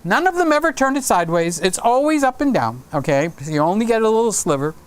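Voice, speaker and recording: Fast and smooth, with a high, sing-song delivery, a man runs his own livestream. He rambles casually through anecdotes and keeps laughing at his own tales.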